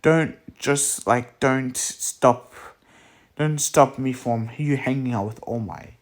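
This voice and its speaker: A man loosely voicing an excitable, bitter male scientist while retelling a story, with fillers. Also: medium pitch, slow pace, close to an everyday voice. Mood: earnest.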